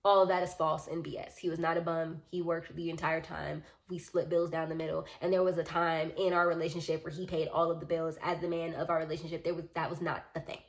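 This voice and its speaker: A woman vlogger tells a storytime in a casual, rambling manner, animatedly acting out what other people said. Her low-pitched voice moves quickly with hardly any pauses.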